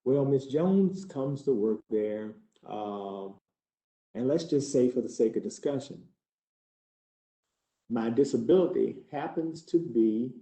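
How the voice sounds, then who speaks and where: A trainer acts out a case study in the first person, earnest and conversational while building tension. His voice is medium-pitched, slow, and mellow, recorded in a roomy hall.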